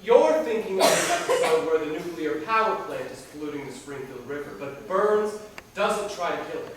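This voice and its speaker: Rambling high-voiced man, echoey room. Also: animated, far from the mic, noisy background. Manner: rambling, halting, laughs often. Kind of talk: casual chat.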